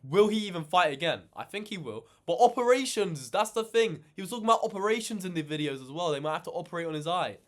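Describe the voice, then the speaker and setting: A man ranting in casual reaction commentary, animated and swearing a lot, exasperated. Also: high-pitched, fast talker, hardly any pauses. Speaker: reaction channel host.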